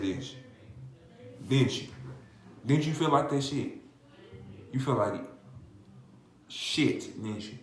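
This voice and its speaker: A man's voice: medium pitch, fairly bright tone, echoey room. A man vlogger in a profane comedic rant who fires off repeated rhetorical questions and curses constantly. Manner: repetitive, rhetorical questions, heavy cursing.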